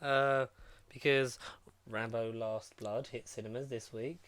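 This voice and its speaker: A man co-hosting a podcast, chatting casually with quick quips and film quotes. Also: mid-range voice, steady tone, fairly bright tone, no echo. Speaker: podcast co-host. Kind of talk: casual chat.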